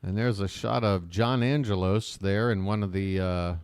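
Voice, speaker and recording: A man calling live baseball play-by-play as a fan commentator, chatty and opinionated between pitches. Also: steady tone, moderate pace, a little mellow, clear, resonant tone, no echo.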